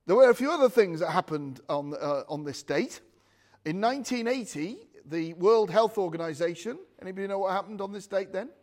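Rambling preacher, high-pitched man. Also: lively intonation, fairly quick, a little mellow. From United Kingdom. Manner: chatty and digressive, with restarts and asides to the room. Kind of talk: informal sermon to a small congregation. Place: room with a live audience. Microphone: speaking without a handheld mic.

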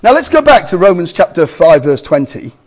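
A man preaching a sermon to a congregation, emphatic, with loud exclamations and quiet asides. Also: fairly high pitch, very animated, fairly quick.

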